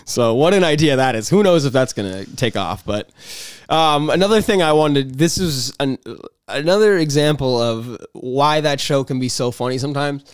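A man's voice: medium pitch, normal speed, hardly any pauses, clean tone, dry recording, studio quality. A man co-hosting a podcast in casual chat, rambling, laughing often and trailing off mid-sentence. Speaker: podcast co-host.

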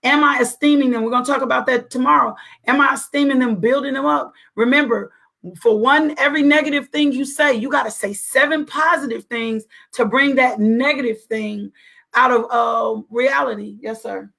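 A woman's voice: sits high, moderate pace, gravelly, fairly bright tone. A middle-aged mother giving an earnest, preachy faith-based parenting talk, full of rhetorical questions.

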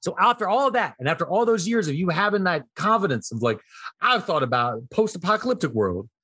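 A man in his thirties co-hosting a casual comedy podcast, telling bits in an animated way and jumping into high voices for characters. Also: a little fast, husky, dry recording, studio quality. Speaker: podcast co-host.

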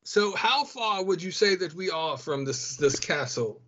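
A man's voice: high-pitched, expressive, unhurried, bright, forceful tone, dull audio. A man playing a tabletop game, addressing a character politely and formally, often restarting his sentences. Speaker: player. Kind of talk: in-character tabletop role-play.

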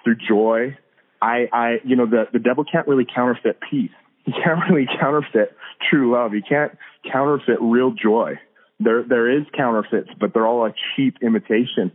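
A podcast guest with a medium-pitched voice talks about hearing God at a moderate pace, earnest but full of fillers and restarts. The casual faith conversation comes through a tinny, phone-like line.

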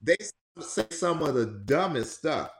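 A man's voice: a little high, unhurried, roomy sound. A man speaking as a guest in a casual conversation about grief, telling stories and acting out what people say. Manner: animated storytelling, acting out quotes.

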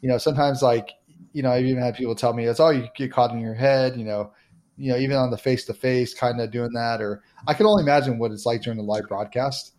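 A man's voice: medium pitch, fairly even intonation, quick pace, a little mellow. A man hosting a podcast interview, speaking conversationally with frequent "you know" fillers. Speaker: podcast host.

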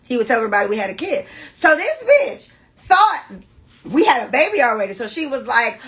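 A woman in her twenties hosting a podcast, telling stories in a blunt, profane, animated way. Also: on the high side, brisk, rough recording. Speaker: podcast host. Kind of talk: casual storytelling chat.

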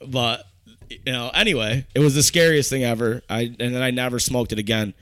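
Profane, animated young man telling stories. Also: mid-range voice, a little fast, clean tone, no room sound. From upstate New York. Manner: profane, animated storyteller acting out quotes. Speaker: podcast host. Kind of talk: casual storytelling chat.

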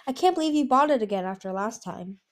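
A kind young female dragon, read by a woman with a gentle, teasing way of speaking. She stays close to the reader's natural voice, soft and fond. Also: fairly high pitch, expressive, quick pace, natural voice.

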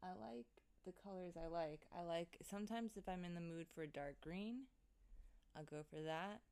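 Her voice sits on the low side, a little mellow and smooth, at a normal speed. She's a livestream host in her thirties, easygoing and chatty with her viewers, and she laughs and curses a lot.

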